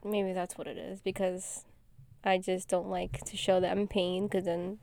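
A young woman co-hosting a casual chat, talking in a quiet, low-key way that often trails off. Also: little pitch movement, normal speed, creaky. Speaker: podcast co-host.

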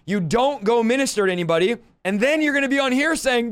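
A man's voice: very high-pitched, fast talker, fairly bright tone, smooth. A man hosting a podcast, preaching in a rowdy, emphatic style and rattling off scripture references in rhythmic lists. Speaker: podcast host. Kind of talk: fiery preaching monologue.

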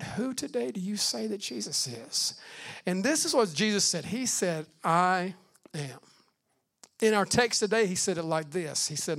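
Man, pastor, sermon, high voice, loud and hushed turns, amen calls. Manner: preaching with swings from loud emphasis to hushed, slow delivery; calls out "Amen" between points.

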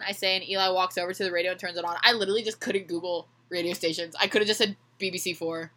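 A woman's voice: lowish voice, fairly even intonation, fast talker, bright, forceful tone. A young woman hosting a podcast, reading fan fiction aloud and breaking off to joke and laugh. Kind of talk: comedic reading with chat.

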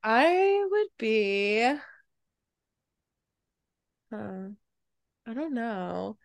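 A young woman co-hosting a podcast, talking in casual chat full of "like" fillers and quick laughs. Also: on the high side, very animated, gravelly, dry recording. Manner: chatty, frequent "like" fillers, laughs often. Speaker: podcast co-host.

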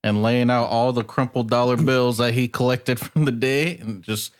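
A man's voice: mid-range voice, fairly even intonation, normal speed, clean tone. A young man in casual chat, telling teasing stories in a laid-back way.

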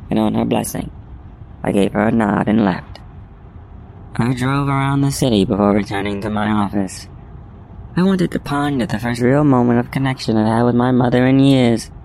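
A man narrating a first-person detective story in a measured, deadpan way. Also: lowish voice, gravelly, a little hiss or hum, rough recording.

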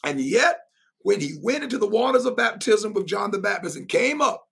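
A man's voice: sits high, lively intonation, moderate pace, vocal fry, bright, forceful tone, slightly rough. A man teaching in a sermon style, emphatic and repetitive, who often laughs as he goes. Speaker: preacher and Bible teacher.

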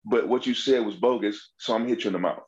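A comedian spins rowdy, profane tales in casual podcast chat, slipping into the voices of the people in his stories. His voice sits fairly low. The recording sounds dull and a little lo-fi. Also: fast talker. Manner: animated, profane, acts out quoted voices. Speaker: comedian guest.

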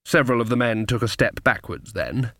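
A male audiobook narrator who tells the story in a measured, wry manner. His voice sits at an ordinary pitch for a man and is recorded close and very dry in a studio, with no room sound. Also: bright, forceful tone, dry recording.

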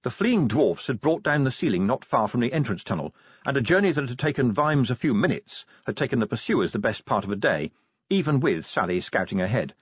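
Husky male audiobook narrator. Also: mid-range voice, sing-song, a little fast, no room sound. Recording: dull dry lo-fi recording.

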